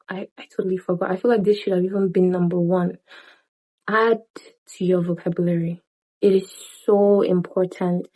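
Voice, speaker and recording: Mellow-voiced woman giving chatty advice. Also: fairly low pitch, low-quality recording. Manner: chatty, animated, laughs often, playful asides. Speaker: lifestyle vlogger. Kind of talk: casual advice talk to camera.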